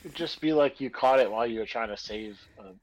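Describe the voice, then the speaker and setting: A man's voice: mid-range voice, fast, dry recording, rough recording. A man co-hosting a casual podcast chat, teasing and laughing as he chimes in. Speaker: podcast co-host.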